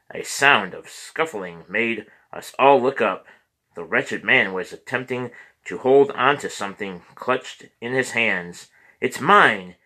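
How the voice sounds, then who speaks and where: Slow, measured male audiobook narrator. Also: medium pitch, pushed and bright. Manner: measured, with occasional stumbles and restarts.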